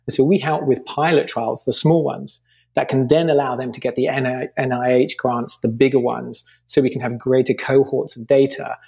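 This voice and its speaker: A man's voice: medium pitch, fairly even intonation, moderate pace, creaky, a little mellow. A man speaking as a podcast guest in an interview, earnestly making his case with figures and examples. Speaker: podcast guest, company founder. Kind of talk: interview conversation.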